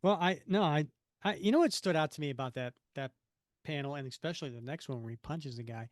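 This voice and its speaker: A man co-hosting a podcast in relaxed, casual chat, often chuckling and trailing off with fillers. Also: fairly high pitch, fast talker, no room sound, studio quality. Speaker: podcast co-host.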